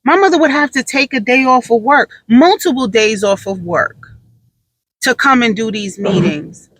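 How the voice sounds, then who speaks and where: A woman's voice: on the high side, normal speed, a bit bright, rough recording. A woman giving her candid opinions in a brash, profane, emphatic way, repeating phrases for emphasis and laughing easily. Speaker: podcast talker.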